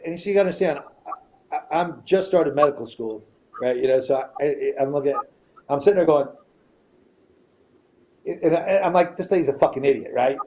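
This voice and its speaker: A middle-aged man tells a story as a podcast guest, his voice sitting a little high for a man. He swears freely and acts out each person in the story. The audio is a bit dull, with faint background noise. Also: normal speed, long pauses. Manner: profane, animated, quotes people in his stories. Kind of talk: casual storytelling.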